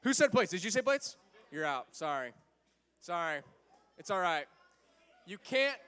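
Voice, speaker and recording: A man hosting a party game for a church youth group, playful and teasing, now and then shouting over the room. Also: high voice, sing-song, unhurried, clean tone.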